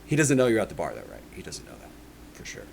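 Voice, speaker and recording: A man's voice: lowish voice, huge pitch swings, fast, vocal fry, a little mellow, slight background noise. Earnest man rambling through a testimony. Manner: rambling, earnest, full of "like" and "right?". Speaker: vlogger giving a personal testimony. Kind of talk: casual spoken monologue.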